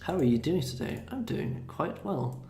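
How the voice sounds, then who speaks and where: A man hosting a casual livestream about his animation work, talking in a low-key, joking way. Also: big pitch swings, darkish tone. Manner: laid-back, deliberately low-key, joking. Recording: roomy room sound with faint music.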